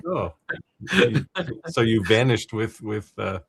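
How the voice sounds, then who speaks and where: A man co-hosting a livestream in casual chat, animated and quick to laugh, explaining things at length. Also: lowish voice, creaky, slightly rough. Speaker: livestream co-host.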